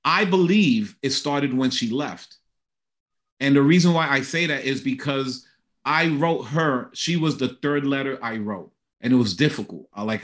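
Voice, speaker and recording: A middle-aged man with a mid-range voice is interviewed as a guest in conversation. He relates a personal testimony in an earnest, animated way.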